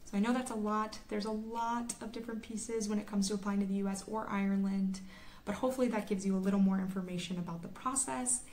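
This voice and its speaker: A woman's voice: medium pitch, steady tone, quick pace, a little mellow, slight background noise. Chatty woman explaining her path. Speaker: medical student vlogger. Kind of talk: casual explainer vlog.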